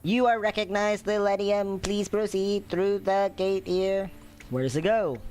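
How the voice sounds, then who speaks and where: A man voicing a robotic gate guard in a flat, formal, clipped way, as a gamer playing along. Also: high voice, measured pace, faint music behind, voice pushed up.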